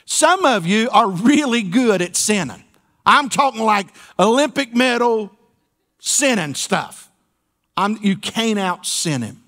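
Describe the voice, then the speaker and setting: A man's voice: sits high, lively intonation, slow pace, long pauses, pushed and bright. A man pastor preaching a sermon in a church, folksy and playful, with call-and-response asides to the congregation. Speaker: senior pastor. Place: church sanctuary.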